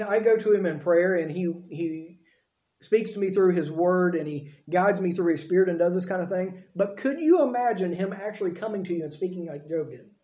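A pastor with a high, mellow voice delivers a sermon in a relaxed, conversational manner, acting out lines of dialogue as he goes. The room sounds roomy and echoey, like a church hall.

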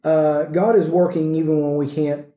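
A man's voice: a little high, little pitch movement, moderate pace, dark tone. A man preaching a conversational sermon in a church, checking in with the congregation as he goes. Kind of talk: conversational sermon with scripture reading. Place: church sanctuary. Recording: echoey room sound.

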